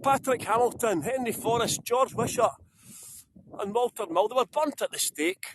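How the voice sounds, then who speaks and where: High-voiced Scottish man guiding a tour. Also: normal speed, background noise. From Scotland. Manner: chatty, jokey, greets viewers by name. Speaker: tour guide. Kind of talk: live-streamed walking tour. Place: outdoors on town streets.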